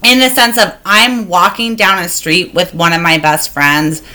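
A woman's voice: lowish voice, fairly even intonation, a little slow, sharp tone. A woman co-hosting a podcast, telling a story in a casual chat, blunt and profane and joking.

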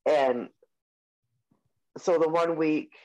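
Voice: medium pitch, very slow, darkish tone. Rambling, swearing podcast co-host in their forties. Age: 40s. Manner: rambling, full of "like" and "um", casual swearing. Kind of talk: casual chat. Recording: muffled lo-fi audio.

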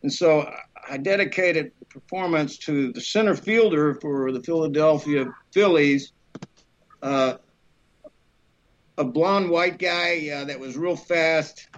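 Speaking slowly in a somewhat high male voice, this podcast guest is a middle-aged Alabama actor who wanders through lively anecdotes. He performs the lines he quotes and leans on lots of fillers, all captured in dull-sounding audio.

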